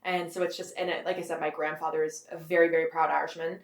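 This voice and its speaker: A woman's voice: low voice, flat delivery, fast, roomy sound. A Canadian woman in her twenties, a guest author in a casual interview, rambling and filling her talk with "like". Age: 20s. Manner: rambling, heavy use of "like", frequent laughs.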